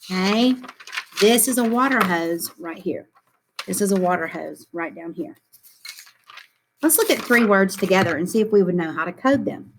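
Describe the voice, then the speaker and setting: An animated woman teacher with a mid-range voice runs a phonics lesson for young children, slow and clear, repeating questions for them to echo. There is slight background noise.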